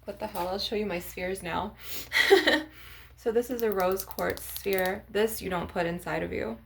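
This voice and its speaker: A woman's voice: medium pitch, steady tone, moderate pace, vocal fry, slight background noise. A young woman vlogging casually to her viewers, rambling with lots of "like" and "you guys" as she shows off her crystals. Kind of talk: casual chat to camera.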